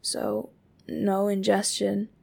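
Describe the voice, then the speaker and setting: A woman voicing a frightened, shaken young woman in a hushed, breathy whisper for an audiobook. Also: mid-range voice, very animated, slow, heavily acted.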